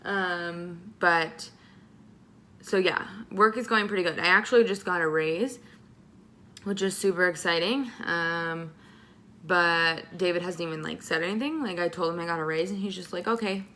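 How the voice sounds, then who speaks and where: A woman's voice: lowish voice, normal speed, fairly bright tone. A young pregnant woman answering viewer questions in a casual vlog, talking with lots of ums and likes. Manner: chatty, many ums and likes. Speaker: vlogger.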